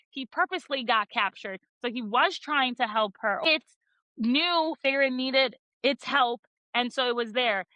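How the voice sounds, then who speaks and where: A woman's voice: sits high, measured pace, no echo, rough recording. A woman co-hosting a book podcast, recapping chapters in a casual, sassy way and acting out the characters' lines. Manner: animated, sassy retelling with acted quotes and swearing. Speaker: podcast co-host.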